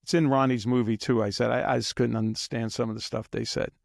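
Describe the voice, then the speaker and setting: A man's voice: mid-range voice, level tone, fast talker, creaky, no room sound, studio quality. A man guest on an interview, rambling through anecdotes and sometimes mimicking drum beats in a casual, chuckling way. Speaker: guest drummer.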